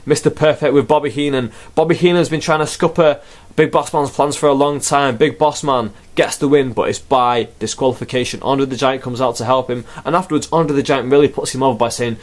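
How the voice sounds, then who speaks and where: A man's voice: mid-range voice, fairly even intonation, a little fast. A man giving a rambling, sarcastic wrestling review and swearing freely. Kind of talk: casual spoken review.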